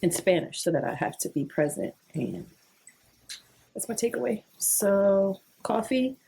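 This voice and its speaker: A woman's voice: mid-range voice, big pitch swings, measured pace, gravelly, warm tone, husky. A woman co-hosting a casual podcast, reacting to stories. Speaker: podcast co-host.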